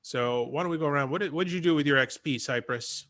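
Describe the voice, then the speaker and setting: A man narrating as game master of a tabletop game, playful and quick to laugh as he voices the characters. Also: fairly high pitch, a bit bright.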